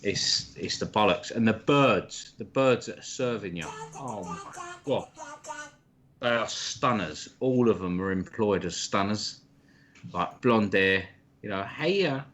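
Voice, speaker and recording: A man's voice: fairly low pitch, unhurried, a bit bright, a little hiss or hum. A man chatting casually on a livestream, swearing freely in blokey banter. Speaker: stream co-host. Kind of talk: casual chat.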